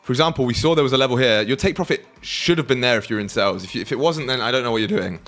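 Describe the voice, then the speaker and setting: A man's voice: medium pitch, rapid-fire, fairly bright tone, soft background music. A young British man hosting a live trading stream, chatting casually with his viewers, joking, swearing and laughing freely. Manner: banters with chat, swears freely, laughs often. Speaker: livestream trading host. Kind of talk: casual livestream chat with viewers.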